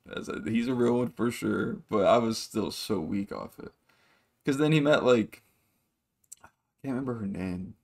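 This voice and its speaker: A man's voice: fairly low pitch, fairly quick, darkish tone. A man hosting a podcast, rambling through a casual story, swearing freely and acting out the people in it. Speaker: podcast host.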